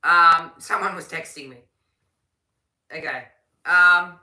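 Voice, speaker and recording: A woman's voice: fairly low pitch, normal speed, sharp tone, echoey room, rough recording. A young woman giving casual live race commentary on a stream, chatting to viewers and reading the chat between calls.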